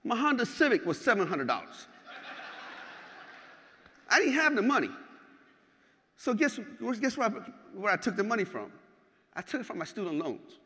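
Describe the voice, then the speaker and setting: A man giving a motivational keynote, telling stories in an animated, profane way and acting out scenes. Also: sits high, normal speed, long pauses. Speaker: keynote speaker. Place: large hall. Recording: hall with long reverb.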